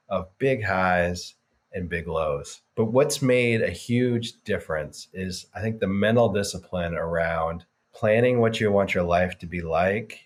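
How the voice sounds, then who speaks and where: A man guest on a podcast, earnestly reflecting on his work as a business coach, stressing key words and chuckling now and then. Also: low voice. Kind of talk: casual podcast interview.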